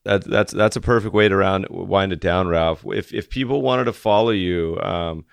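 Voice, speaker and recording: A male podcast host reacting with relaxed enthusiasm and closing the show. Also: low-pitched, moderate pace, gravelly, smooth, dry recording, clean studio sound. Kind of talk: casual interview.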